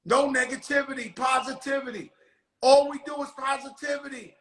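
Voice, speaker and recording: Loud, bright-voiced rowdy man host. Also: very high voice, steady tone, normal speed, roomy sound, poor audio. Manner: rowdy, profane storytelling with shouted bursts. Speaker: show host. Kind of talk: casual chat.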